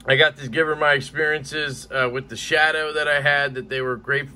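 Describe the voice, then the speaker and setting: A man with a fairly high, bright, forceful voice, chatting in a loose, rambling vlog style. He swears casually and drifts from one thought to the next. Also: little pitch movement, moderate pace, slight background noise. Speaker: knife collecting vlogger. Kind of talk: casual chat.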